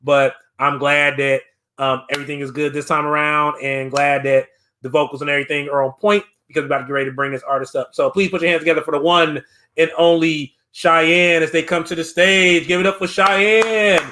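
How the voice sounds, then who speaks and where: A man's voice: fairly high pitch, flat delivery, brisk, pushed and bright, slight background noise. A man casually hosting a virtual arts showcase, chatty and encouraging, laughing often as he talks. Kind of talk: casual live-stream hosting. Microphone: computer mic on a video stream.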